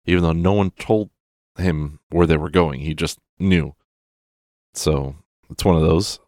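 Man with a very deep voice, dry close recording, giving an exasperated profane film rant. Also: steady tone, measured pace, darkish tone, no echo. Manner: sarcastic, exasperated, swears a lot.

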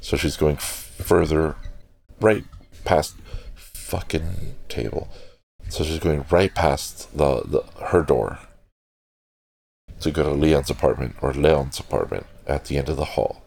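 A man's voice: extremely low pitch, slow pace, gravelly, darkish tone. A man hosting a casual, digressive film talk, swearing freely and correcting himself as he goes. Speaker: podcast host reviewing a film. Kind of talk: casual rambling film commentary.

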